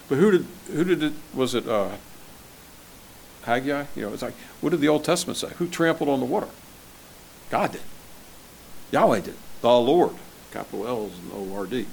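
A man preaching a sermon as pastor, conversational and asking his listeners questions, swinging between loud and soft. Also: medium pitch, lively intonation, moderate pace, creaky, pauses often, slight background noise. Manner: conversational, asks the congregation questions.

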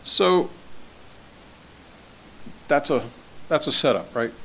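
A man preaching a sermon as pastor, conversational and asking his listeners questions, swinging between loud and soft. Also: on the high side, expressive, takes it slowly, creaky, slight background noise. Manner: conversational, asks the congregation questions.

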